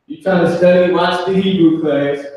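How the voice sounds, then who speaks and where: A man teaching a casual class in a loose, conversational way, acting out family scenes in quick character voices. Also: on the high side, steady tone, darkish tone, a little hiss or hum. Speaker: Hebrew language teacher. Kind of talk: casual live online class. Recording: very echoey room, voice from a distance.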